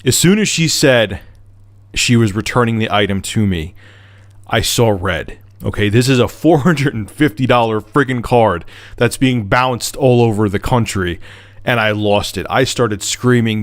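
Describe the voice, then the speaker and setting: Vlogger, male, exasperated and cussing, mid-pitched, storytelling rant. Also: normal speed, no room sound. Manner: heated, profane, exasperated. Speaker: video blogger. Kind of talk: angry storytelling rant to camera.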